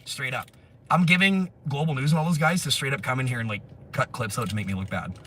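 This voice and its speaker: A man rambling through a livestream while walking city streets outdoors, excitable and laughing, his voice hoarse from screaming. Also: medium pitch, fast, slight background noise. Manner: excitable, laughing, shouting bursts.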